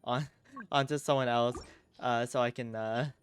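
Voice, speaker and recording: A man streaming a game as a VTuber, chatting casually and getting excitable with loud bursts of laughter. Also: medium pitch, measured pace, slight background noise. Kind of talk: casual game livestream chat. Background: game music.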